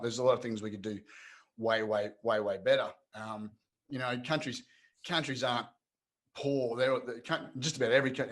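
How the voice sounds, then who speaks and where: A man co-hosting a casual podcast chat, animated, stumbling over his words and repeating himself as he rants. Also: medium pitch. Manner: animated, repeats words, mocks others in put-on voices. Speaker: podcast co-host.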